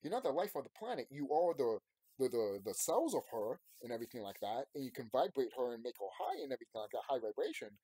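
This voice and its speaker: A YouTuber in his thirties gives a casual, unscripted monologue to his subscribers, talking emphatically, rambling and repeating himself. His medium-pitched voice is warm and husky, very animated and fast, with no room sound.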